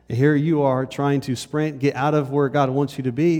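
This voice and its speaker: A male pastor giving a conversational sermon. He moves between lively and hushed delivery and speaks straight to the congregation. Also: medium pitch, normal speed. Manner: conversational preaching, shifts between animated and hushed. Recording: long hall reverb.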